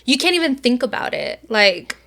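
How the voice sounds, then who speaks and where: Gravelly-voiced woman podcast co-host. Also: on the high side, very animated, normal speed, sharp tone. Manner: rambling, heavy filler "like", swears freely. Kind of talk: casual chat.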